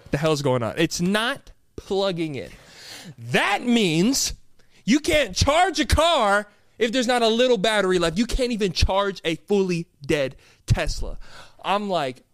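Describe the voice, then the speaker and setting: Young man, fairly high voice, exasperated storyteller, dry close mic. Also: very animated, unhurried, a bit bright, no echo. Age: young adult. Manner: exasperated, dramatic retelling. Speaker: podcast co-host. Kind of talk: animated storytelling.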